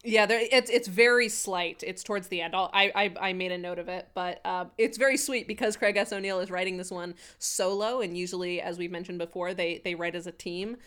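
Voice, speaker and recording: A woman's voice: on the low side, fairly even intonation, a little fast, hardly any pauses, fairly bright tone, clear, resonant tone. A woman co-hosting a casual podcast recap, chatty and wry, reading from her notes and laughing easily. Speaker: podcast co-host.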